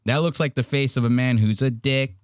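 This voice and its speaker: A man's voice: medium pitch, brisk, smooth, dry recording, studio quality. A man hosting a casual podcast, telling crude stories with lots of laughing. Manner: animated, laughing, crude storytelling. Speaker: podcast host. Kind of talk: casual chat reacting to clips.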